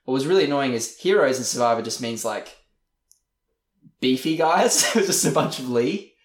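A man co-hosting a casual chat podcast tells an animated story and breaks into laughter mid-sentence. He slips into voices for the people he quotes. His voice bounces around a roomy, echoing space. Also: mid-range voice, normal speed. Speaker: podcast co-host. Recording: roomy echo.

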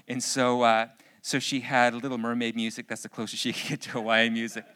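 A middle-aged man telling a personal story in a sermon, an animated storyteller with jokey asides. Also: medium pitch, brisk, clean tone. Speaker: speaker.

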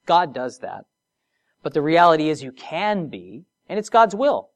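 A preacher delivers a sermon in a mid-range, very animated voice, shifting between soft, drawn-out phrases and emphatic rises. He drops in conversational asides and rhetorical questions along the way.

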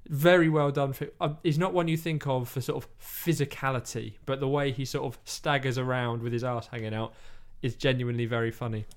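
A man's voice: mid-range voice, fairly even intonation, a little fast, few pauses. A man in casual chat, retelling a film plot in a rambling way and acting out lines. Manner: rambling storytelling, acts out quotes.

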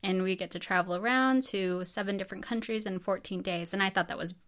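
A woman's voice: mid-range voice, brisk, a bit bright. A woman from New Mexico telling her own story in a casual, chatty way, full of fillers and acted-out dialogue. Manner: chatty, many fillers, acts out quoted dialogue.

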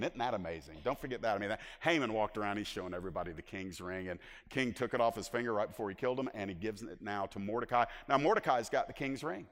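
A man preaching a sermon as pastor, swinging between loud emphatic lines and hushed asides. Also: medium pitch, animated, fast, few pauses, big-room sound.

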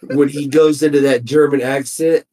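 A man's voice: medium pitch, steady tone, warm tone, slight background noise. A man, chatting casually as a podcast co-host, who rambles and restarts his sentences. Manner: rambling, halting restarts, drawling. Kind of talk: casual chat.

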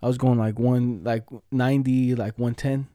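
A young man co-hosting a casual talk show, spinning stories in a loose, slangy way and laughing often. His voice is mellow and dark, at a middle pitch. The recording is dry and close. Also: little pitch movement, moderate pace, no echo. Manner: laid-back slangy storytelling, frequent laughter. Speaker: podcast co-host. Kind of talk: casual storytelling chat.

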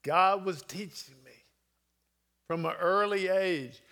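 Earnest higher-voiced male preacher. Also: slow pace, long pauses, sharp tone. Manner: emotional storytelling, earnest preaching with shifting volume. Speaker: pastor. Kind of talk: sermon.

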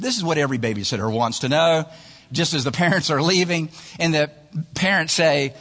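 A male pastor preaching a sermon in a church, telling stories in an animated way and chuckling at his own jokes. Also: fairly high pitch, normal speed. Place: church sanctuary. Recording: long church-hall reverb.

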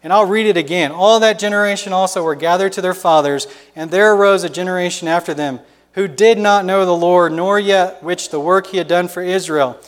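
A male pastor delivering an impassioned sermon, rising to loud exhortation and dropping to hushed pleading. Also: sits high, brisk, long reverb tail.

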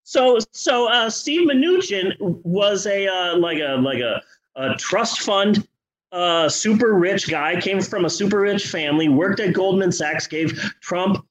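A man's voice: high voice, lively intonation, unhurried, rough recording. A man co-hosting a podcast, reviewing a film in casual chat with sarcastic, profane remarks. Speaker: podcast co-host.

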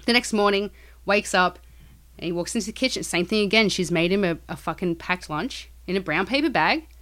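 A woman's voice: medium pitch, fairly quick. Profane storytelling woman. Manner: profane, animated retelling with acted quotes. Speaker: podcast co-host. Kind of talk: casual storytelling chat.

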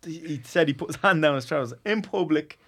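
A man in casual chat, quick and questioning as he raises a point. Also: on the high side, animated, breathy edge.

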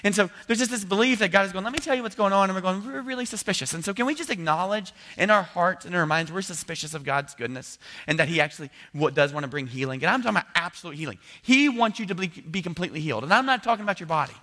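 A man's voice: high voice, animated, racing, few pauses, pushed and bright. A man preaching a conversational sermon in a church, voicing his listeners' doubts in quotes. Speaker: pastor. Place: church building. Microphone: handheld mic.

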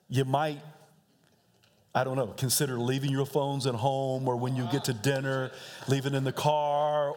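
A man preaching from the pulpit, chatty and joking, his voice held at an ordinary middle pitch. His speech trails off into long reverb from the church hall around him. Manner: joking, conversational, laughs often. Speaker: pastor. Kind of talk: sermon. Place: church sanctuary.

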